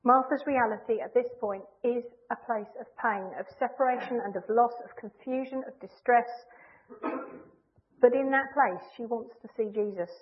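A woman preaching a sermon in an earnest, measured way, leaning hard on key phrases. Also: on the high side. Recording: tinny phone-like line.

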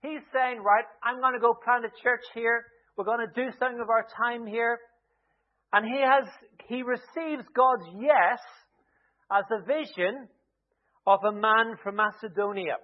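A high-voiced man preaching a sermon. He retells the story in a lively way and drops in wry asides. The sound is thin and tinny, like a phone line. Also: a little slow.

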